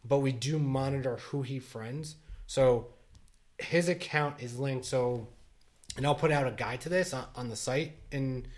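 A man's voice: mid-range voice, a little slow. A middle-aged man co-hosting a casual podcast. He rambles, restarts his sentences and leans on filler words as he talks through everyday stories. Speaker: podcast co-host. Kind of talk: casual chat.

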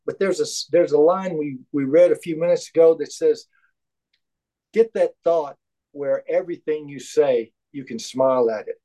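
A man sharing his views in a spiritual study group, emphatic and halting, with many restarts. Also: fairly high pitch, warm tone, poor audio. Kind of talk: heartfelt group discussion.

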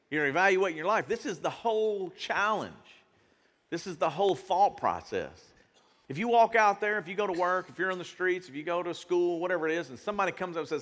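A middle-aged man preaching a sermon as pastor, in a lively, conversational way. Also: a little high, brisk. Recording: reverberant church hall.

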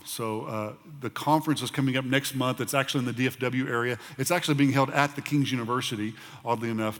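A middle-aged pastor with a mid-range voice gives conversational church announcements, frequently pausing on fillers and restarting sentences. The setting is a large church auditorium, recorded with a long hall reverb.

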